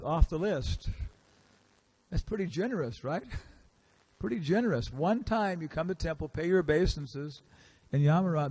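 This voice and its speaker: A man's voice: on the high side, a little mellow. A man giving a casual, storytelling lecture in a temple hall, acting out the characters he quotes and asking the audience questions. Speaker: visiting lecturer.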